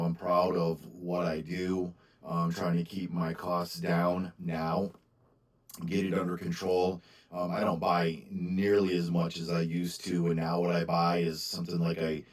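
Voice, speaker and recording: A man's voice: low voice, rough recording. A man hosting his own channel and talking casually about collecting, rambling with frequent restarts and sounding tired. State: tired, yawning. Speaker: sports card seller and channel host. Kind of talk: casual monologue to camera.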